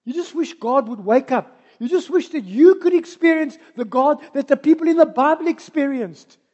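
A woman with a South African accent preaching a sermon, moving between soft asides and loud, emphatic passages. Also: high-pitched, expressive, normal speed, dull audio.

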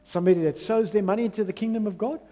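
A man's voice: high voice, very fast, mellow, in a large hall. A man preaching a sermon in a church, emphatic and repeating his key phrases. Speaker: pastor.

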